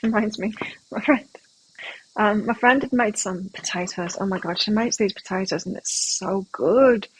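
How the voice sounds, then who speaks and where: Husky, chatty woman tarot reader. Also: medium pitch, moderate pace, poor audio. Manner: chatty and rambling, telling anecdotes. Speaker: tarot reader and live-stream host. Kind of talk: casual live-stream chat between tarot readings.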